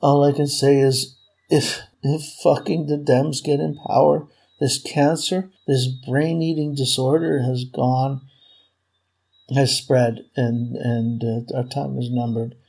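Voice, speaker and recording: Gravelly-voiced man ranting furiously. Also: medium pitch, flat delivery, takes it slowly, darkish tone. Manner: furious, profane, repetitive ranting. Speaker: vlogger. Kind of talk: angry political rant to camera.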